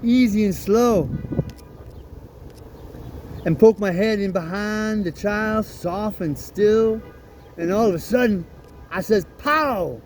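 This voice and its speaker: A man's voice: high-pitched, slow pace, pauses often, darkish tone, a little hiss or hum. A man reading an audiobook, voicing Jim, a remorseful father telling a painful story in a heavy Southern US dialect. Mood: sorrowful.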